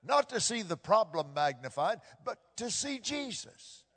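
A high-voiced man preaches an impassioned sermon, swinging between hushed tones and loud bursts with big pitch swings and an unhurried pace. He repeats phrases to drive points home, and a long reverb makes it sound like a large hall.

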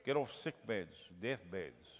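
A man preaching a sermon, telling healing stories and building to loud, fervent exclamations. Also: fairly low pitch, expressive, measured pace, in a large hall. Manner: storytelling, rising to loud exclamations.

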